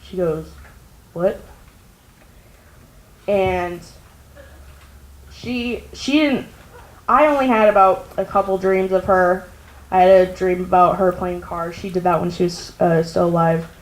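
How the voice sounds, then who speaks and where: A woman's voice: on the low side, fairly even intonation. Hesitant teenage girl telling a personal story. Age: teens. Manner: halting and hesitant, with many ums and restarts; quiet and subdued. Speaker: student storyteller. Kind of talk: personal story at a live story slam. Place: school auditorium or hall, on stage. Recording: roomy hall echo, faint room noise.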